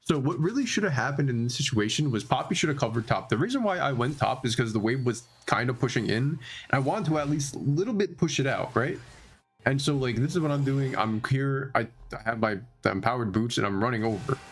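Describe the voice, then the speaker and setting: A man giving heated, exasperated commentary over his own gameplay footage. He talks in restless pitch swings and packs his speech with filler words. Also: animated, a little fast. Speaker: gamer reviewing his own matches.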